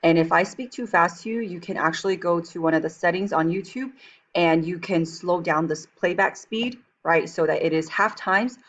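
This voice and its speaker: A fast-talking woman teacher walks through a language textbook in a chatty way, slowing down for careful pronunciation demonstrations. Her voice sits a little low. The recording is dull and lo-fi. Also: slight background noise.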